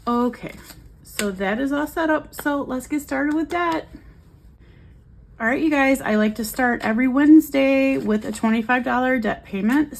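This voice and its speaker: A woman vlogging in a cheerful, chatty way, counting cash aloud as she budgets. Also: a little high. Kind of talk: upbeat casual vlog while cash stuffing.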